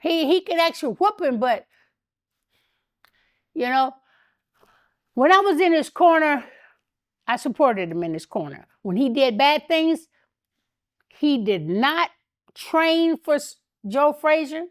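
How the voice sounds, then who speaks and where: An older woman as an interview guest, telling candid stories in an animated way, laughing often and acting out what others said. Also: high voice, takes it slowly, pauses often. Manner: animated, laughs often, acts out quoted speech. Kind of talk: candid storytelling.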